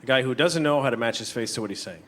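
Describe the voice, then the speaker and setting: A man doing a stand-up comedy set on a theater stage, telling rambling deadpan stories and jumping into high, loud voices for the people in them. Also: racing. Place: large theater stage before a live audience. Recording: noisy live theater recording with crowd. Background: audience laughter.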